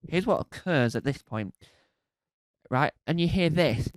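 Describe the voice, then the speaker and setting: A man doing a stand-up routine, animated and acting out scenes with sung riffs. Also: a little high, moderate pace, dry recording. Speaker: stand-up comedian.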